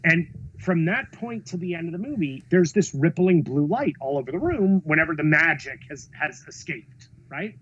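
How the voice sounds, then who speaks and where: Animated, husky-voiced man telling stories. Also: fairly high pitch, normal speed, highs cut off. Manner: expressive, acts out quotes, swears freely. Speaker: film director and writer, interview guest. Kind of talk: animated storytelling in a podcast interview.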